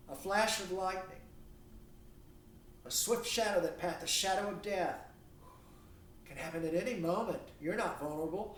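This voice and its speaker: A man's voice: high voice, a little hiss or hum. A man giving a lecture who asks rhetorical questions and acts out imagined dialogue. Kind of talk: recorded university lecture. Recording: echoey room, mic at a distance.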